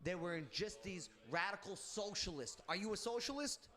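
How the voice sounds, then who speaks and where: A man's voice: high voice, expressive, normal speed, pushed and bright. A man hosting a political panel discussion, talking emphatically and repeating his points. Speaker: talk show host.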